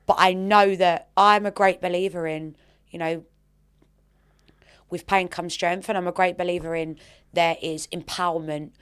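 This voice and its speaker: A woman's voice: on the low side, steady tone, normal speed, clean tone. A woman hosting a casual podcast interview, chatty and swearing freely, calling her guest darling. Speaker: podcast host.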